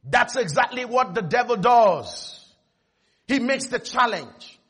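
Male pastor, sermon, emphatic, very high voice, bright, calls for responses. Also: lively intonation, takes it slowly, breathy edge.

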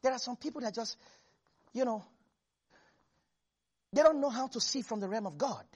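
A preacher delivering a lively sermon, laughing and acting out Bible characters. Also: medium pitch, normal speed, slightly rough.

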